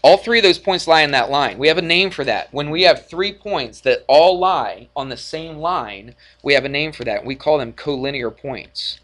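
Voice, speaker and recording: A male math teacher lecturing a class in a classroom, energetic and jokey, often checking in with the students. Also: on the high side, normal speed, few pauses. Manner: energetic, jokey, asks frequent check-in questions.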